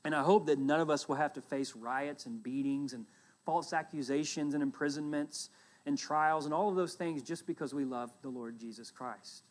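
Pastor preaching in a higher voice. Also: male voice, moderate pace. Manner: storytelling preacher, swings between loud emphasis and quiet asides. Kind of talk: sermon.

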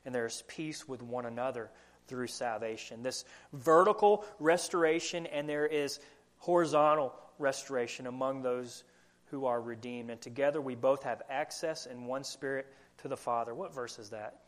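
A man's voice: medium pitch, fairly even intonation, moderate pace. A young adult man with a country accent preaching a sermon as pastor, earnest and asking the congregation questions. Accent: American Southern country.

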